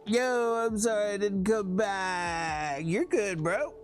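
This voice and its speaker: A man's voice: sits high, takes it slowly, soft background music. A man with a thick Southern US accent chatting casually with viewers on a live stream, laid-back and rambling.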